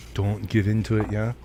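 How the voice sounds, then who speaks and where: A man's voice: on the low side, warm tone, a little hiss or hum. A man at a tabletop game session who jokes and swears in casual banter. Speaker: player. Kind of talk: casual chat.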